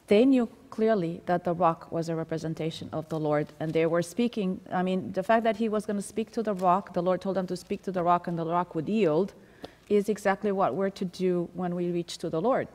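A woman's voice: on the low side, brisk, darkish tone, long reverb tail. A woman leading a Sabbath School Bible study in a conversational way, reading scripture aloud and explaining it. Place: church.

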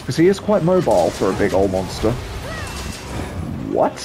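A man's voice: fairly low pitch, very animated, moderate pace, music in the background. A young man giving casual, rambling gameplay commentary as a channel host, hesitant and full of ums.

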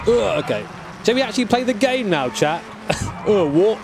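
A man's voice: sits high, sing-song, moderate pace, creaky, music in the background. A man casually chatting with his live-stream chat, joking and swearing as he plays a racing game. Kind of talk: live-stream gaming commentary. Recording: game car noise behind. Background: racing game engine sounds.

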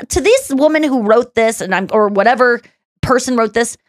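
A chatty woman hosts her podcast, gushing along with plenty of fillers and quick restarts. Her voice sits fairly high, and the sound is close and dry on a podcast microphone. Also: expressive, no echo. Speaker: podcast host. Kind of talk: casual chat.

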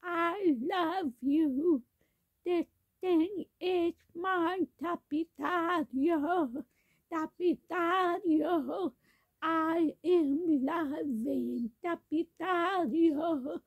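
A woman's voice: very high voice, very slow, dry recording. A woman in a rambling sung-spoken monologue, repeating each phrase again and again. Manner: repetitive, chanting phrases over and over. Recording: tinny phone-like dry recording.

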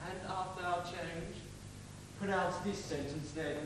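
A man's voice: high voice, steady tone, takes it slowly. A young man acting a chiding older friar in a stage play, exclaiming and scolding in verse. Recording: echoey hall, far, noisy old tape.

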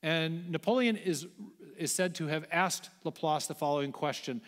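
A man's voice: on the high side, moderate pace, fairly bright tone. A man giving a public lecture to a large audience in a church auditorium, explaining in a conversational way with the odd light aside. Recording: echoey hall.

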